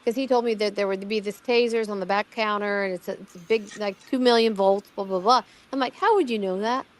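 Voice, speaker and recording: A woman's voice: mid-range voice, steady tone, brisk. A middle-aged woman in a casual conversation, telling her own story in a rambling way, repeating words, restarting sentences and quoting what others said. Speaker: guest recounting her own amateur investigation.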